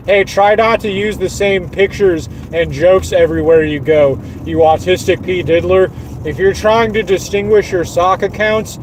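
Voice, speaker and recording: Angry streamer, male, high voice, repetitive and profane rant. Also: a little hiss or hum, rough recording.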